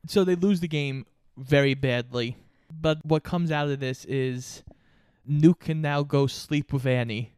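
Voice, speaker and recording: A man's voice: on the high side, a little slow, a little mellow, clean tone, no echo, clean studio sound. A man co-hosting a casual movie podcast. He walks through the plot step by step in a storytelling manner. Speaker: podcast co-host. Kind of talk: casual movie recap chat.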